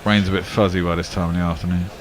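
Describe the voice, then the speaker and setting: A man giving ball-by-ball cricket commentary who chats easily between balls and lifts sharply when the play turns exciting. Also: low-pitched, racing, background noise. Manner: excitable bursts on big shots, relaxed chat between balls.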